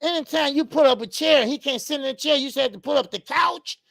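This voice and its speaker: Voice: high voice, fast talker, vocal fry, a bit bright, no room sound. A boxing show host ranting in a heated talk-show style, fired up, repeating points and talking straight to viewers.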